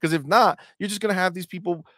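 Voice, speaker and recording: A man's voice: high voice, fast, fairly bright tone, no room sound, studio quality. Profane, ranting male co-host. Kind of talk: casual livestream chat.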